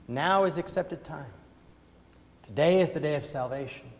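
A man's voice: fairly high pitch, normal speed. Man preaching in a reverberant hall. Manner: swings between soft pleading and loud emphatic preaching. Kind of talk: sermon with invitation. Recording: long reverb of a church hall.

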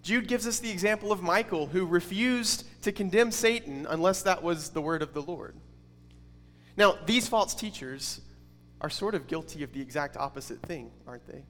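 A man's voice: high-pitched, lively intonation, moderate pace, a bit bright, in a large hall. A man teaching a Bible study in a conversational way, with casual fillers and rhetorical questions.

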